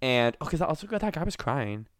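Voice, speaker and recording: A young man co-hosting a podcast, telling a story in a rambling, animated way with lots of likes and laughs. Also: medium pitch, fast talker, no echo, studio quality. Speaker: podcast co-host. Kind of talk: casual storytelling chat.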